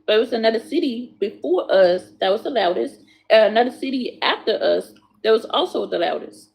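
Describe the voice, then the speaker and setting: A woman's voice: fairly high pitch, expressive, fairly quick, vocal fry, a little mellow. A woman chatting to viewers while doing hair, swearing freely and calling them y'all. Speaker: hair vlogger.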